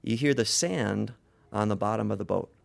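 A man preaching a sermon, retelling a story dramatically, swinging from hushed words to loud cries. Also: on the low side, normal speed, vocal fry.

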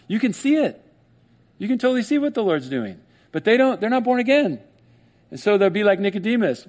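Animated higher-voiced male pastor. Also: a little fast, creaky. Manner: conversational, laughs often, acts out quoted voices. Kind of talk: sermon.

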